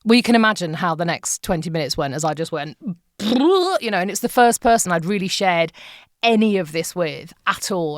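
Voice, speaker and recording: A middle-aged woman, a podcast guest, telling a personal story with emotion, often halting and repeating herself. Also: medium pitch, no room sound, clean studio sound.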